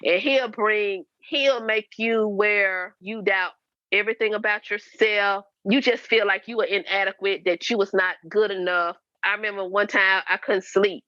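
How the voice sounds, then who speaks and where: Her voice mid-range, pushed and bright with fairly even intonation at normal speed, a fifty-something guest shares her life story with her daughter, the host. She's candid and earnest but repeats herself and can turn preachy; the recording is dry, slightly dull, and lo-fi.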